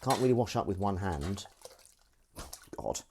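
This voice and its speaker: A man's voice: deep voice, expressive, measured pace, noisy background. A man live-streaming from his home kitchen sink, chatting casually while he washes up and making self-mocking jokes. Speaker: streamer washing dishes live.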